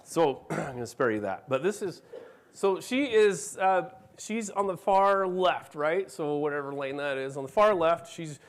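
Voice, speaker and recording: A man's voice: fairly high pitch, animated, unhurried. A middle-aged man giving a conference talk, telling a story about his family and acting out their dialogue. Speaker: conference speaker. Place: conference room.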